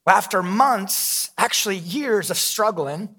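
A man's voice: high voice, slow, bright, forceful tone, big-room sound. A man in his thirties, a pastor, preaching a sermon with candid, self-deprecating storytelling.

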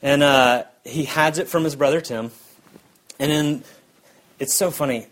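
A man, preaching a sermon in a conversational way that drops to a quiet intensity. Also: a little high, measured pace, rough recording. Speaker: pastor.

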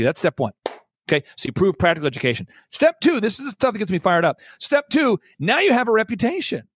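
A man's voice: high-pitched, very animated, fast talker, breathy edge, no room sound, clean studio sound. A man appearing as a guest on a talk show, telling a story in an emphatic, theatrical way and repeating points for emphasis.

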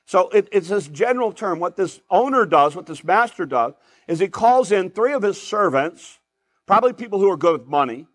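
A man's voice: high-pitched, expressive, normal speed. A man preaching a sermon in a conversational way, full of asides and tangents.

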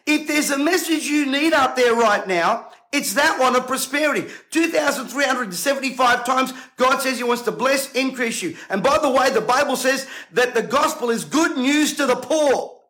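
An indignant male preacher with a strikingly high voice. He speaks to camera in a bright, forceful tone and keeps firing off rhetorical questions. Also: expressive, moderate pace, hardly any pauses, low-quality recording. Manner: emphatic, combative, rhetorical questions.

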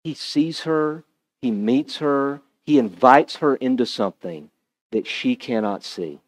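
A male pastor preaching a sermon in an animated, conversational way, with asides to the congregation. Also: mid-range voice, unhurried.

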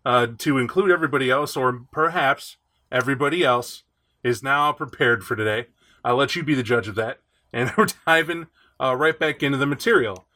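A man hosting a podcast in casual chat, animated and chatty, reading aloud from a rulebook. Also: mid-range voice. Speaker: podcast host.

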